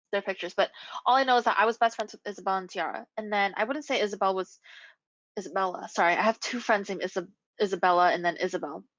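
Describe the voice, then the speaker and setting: A young adult woman, a podcast co-host, telling a story in casual chat with animated, swearing delivery. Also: medium pitch, no room sound. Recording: dull lo-fi recording.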